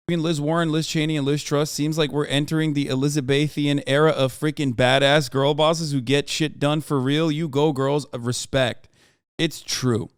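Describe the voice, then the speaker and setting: A man's voice: a little high, clean tone, no echo, clean studio sound. A man in his thirties giving casual, profane live-stream commentary on the news and reacting to his chat. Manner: brash, profane, riffing on chat.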